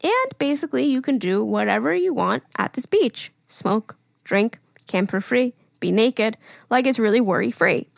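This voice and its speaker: A woman's voice: on the high side, animated, moderate pace, vocal fry, no room sound, studio quality. A woman co-hosting a casual podcast, reading listener stories aloud in a blunt manner, swearing freely. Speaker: podcast co-host.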